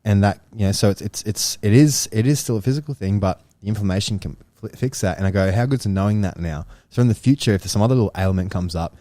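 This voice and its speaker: Aussie podcast co-host, mellow, relaxed storyteller, casual and sweary. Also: male voice, lowish voice, dry recording. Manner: storytelling, swears freely, quick asides. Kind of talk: casual chat.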